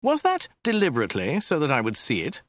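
A man's voice: on the high side, wildly swooping pitch, fast, dry recording, pitched above the performer's own voice. A man with a British accent voicing a nervous, polite male detective who hesitates often. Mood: puzzled. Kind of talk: audiobook character voice.

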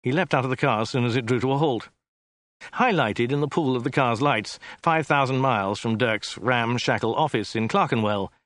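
A male narrator reading a novel aloud with a lively, wry delivery. The recording is dry and close with no room sound. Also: medium pitch, no echo. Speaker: audiobook narrator. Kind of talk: scripted narration.

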